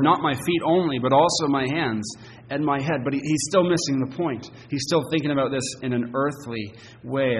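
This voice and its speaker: An earnest male pastor preaches, leaning hard on key words and stumbling through fillers and restarts. His mid-pitched voice carries a long reverb from the church sanctuary, with a faint hiss underneath. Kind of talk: expository sermon.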